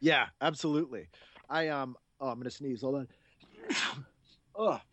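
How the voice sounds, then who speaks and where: A man's voice: mid-range voice, normal speed, fairly bright tone, no echo. A man in his forties hosting a podcast, chatting casually and enthusiastically, rambling and laughing often. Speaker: podcast host. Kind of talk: casual chat.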